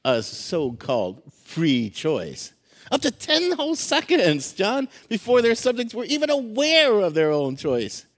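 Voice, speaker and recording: A man co-hosting a radio show, arguing philosophy eagerly and stumbling over restarts when he is excited. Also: high-pitched, unhurried. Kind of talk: philosophical debate.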